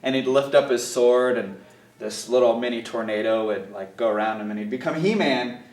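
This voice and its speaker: Man guest spinning a lively story, mid pitch, roomy sound a bit off-mic. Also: normal speed. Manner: storytelling, animated, laughs often. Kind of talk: casual chat. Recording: roomy, from a distance.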